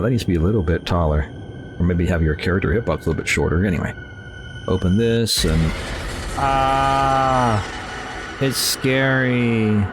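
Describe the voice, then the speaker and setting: A man's voice: sits low, noisy background. A man casually commenting while he plays a horror game, rambling and joking with himself and talking back at the game. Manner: rambling, self-mocking, talks to the game. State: slightly nasal after sneezing. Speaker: let's play host.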